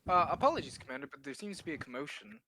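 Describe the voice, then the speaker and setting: An overly polite, submissive giant, as a player voices him, all formal apologies and careful courtesy. The tone is bright and forward. It is recorded dry and close to the mic. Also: male voice, on the high side, sing-song, racing, slightly rough, no room sound, exaggerated voice. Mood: apologetic.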